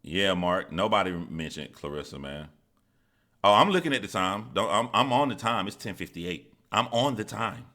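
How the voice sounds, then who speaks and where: A man's voice: on the low side, expressive, moderate pace, pushed and bright. A man hosting a live stream, telling stories in a casual, profane, rambling way and reading out viewer chat.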